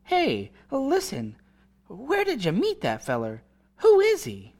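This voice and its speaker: An actor playing a flustered, excitable husband and father in a 1940s radio drama. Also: very high-pitched, takes it slowly, heavily acted. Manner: flustered, exclaiming.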